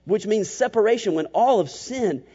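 A man preaching a sermon as pastor, animated and emphatic, sometimes slipping into mocking voices to make a point. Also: sits high, normal speed, husky. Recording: muffled, long church reverb.

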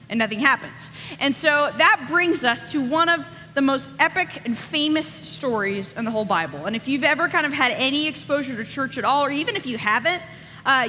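A woman preaching a sermon, retelling a scripture story in a casual, lively way with slang asides, then reading the passage aloud. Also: sits high, slight background noise. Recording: reverberant hall.

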